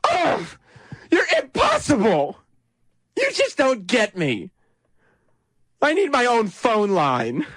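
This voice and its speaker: A man's voice: huge pitch swings, slow pace, long pauses, a bit bright, breathy edge, dry recording, studio quality, heavily acted. A man voicing a grown man who pouts and whines like a sulking teenager. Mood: whiny petulant. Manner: petulant, shrill, pouting.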